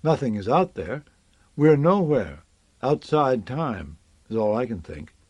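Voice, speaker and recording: Man doing an unsure crew guy, trails off a lot, slow, dry. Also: mid-range voice, big pitch swings, darkish tone, husky, dry recording, lo-fi sound. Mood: unsettled. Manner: halting, searching for words.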